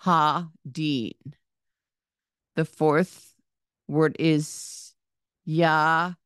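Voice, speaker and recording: A woman's voice: sits low, slow, fairly bright tone, clear, resonant tone, dry recording, studio quality. A woman giving a patient reading lesson, saying each word, spelling out its letters and vowel sounds, then repeating it. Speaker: Hebrew reading teacher.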